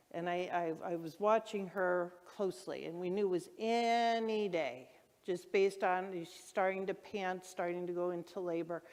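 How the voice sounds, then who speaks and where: A woman minister preaching a sermon, telling stories with enthusiasm and lively shouts. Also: on the low side, long reverb tail. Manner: enthusiastic storytelling, acts out her own excited shouts. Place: church hall. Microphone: handheld microphone.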